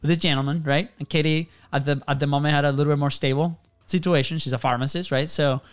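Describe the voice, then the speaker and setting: A man in his thirties, speaking quickly in a smooth, resonant voice pitched a little above the typical male range, hosts a relaxed podcast-style talk show. He rambles through a story, restarting phrases and checking in with "right?"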